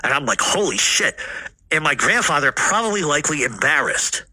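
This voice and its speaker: Husky, forceful man telling a rambling story. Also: on the high side, big pitch swings, a little fast, no echo. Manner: rambling, heavy swearing, frequent fillers. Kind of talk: casual family storytelling.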